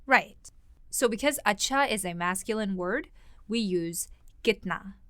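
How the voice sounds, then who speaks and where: A woman's voice: mid-range voice, expressive, measured pace, fairly bright tone, no room sound, clean studio sound. A woman hosting a podcast language lesson, conversational and thinking aloud as she explains grammar.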